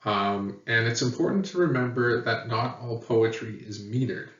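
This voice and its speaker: A man teaching a lesson in a plain, patient way, pausing often with fillers. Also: mid-range voice, a bit bright. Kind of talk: explanatory lecture. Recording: echoey, dull, far from mic.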